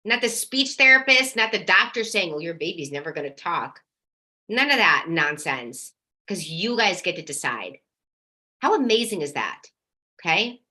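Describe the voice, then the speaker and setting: In a mid-range voice, a woman coaches parents during a live workshop, speaking directly and with lots of energy. She swears casually and sometimes acts out the parents' worried questions.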